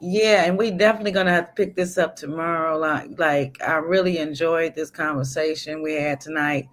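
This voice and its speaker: A woman's voice: low-pitched, steady tone, brisk. A woman hosting a casual late-night live chat, laughing often and easygoing. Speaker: live stream host.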